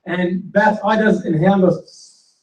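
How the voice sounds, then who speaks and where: A man telling animated football stories to an audience and acting out quotes and punchlines. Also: high voice, fast talker, lo-fi sound. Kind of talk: storytelling to a live audience. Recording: roomy hall recording from a distance.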